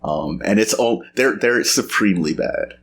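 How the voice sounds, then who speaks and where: A man's voice: fairly low pitch, animated, moderate pace, creaky, a bit bright, a little hiss or hum. A man talking casually on a podcast, gushing enthusiastically and laughing often. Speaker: podcast guest.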